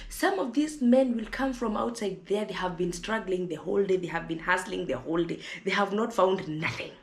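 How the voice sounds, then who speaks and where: A Kenyan woman vlogger speaks to the camera in a fiery, preachy monologue, repeating words as she gets more heated. Her voice is fairly high and slightly mellow, and the room has a noticeable echo.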